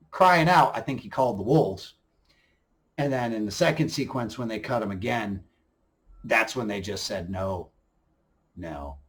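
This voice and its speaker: Animated man gushing through a show review. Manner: animated, acts out quotes, swings from low mutters to loud bursts. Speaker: host of a TV review channel. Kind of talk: excited casual review breakdown.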